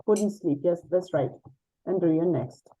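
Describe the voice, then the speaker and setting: A woman's voice: on the low side, unhurried, mellow, breathy edge, dull audio. A woman teaching an English grammar lesson over a video call, encouraging and explaining with repeated examples.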